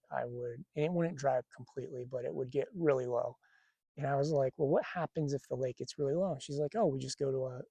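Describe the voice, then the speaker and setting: A man tells a personal story in a relaxed, rambling way, often stopping with fillers and starting over. His voice is gravelly and mellow at a medium pitch. The recording is dry and close, with no room sound. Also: no room sound. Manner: rambling, hesitant, many fillers and restarts. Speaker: spiritual channeler.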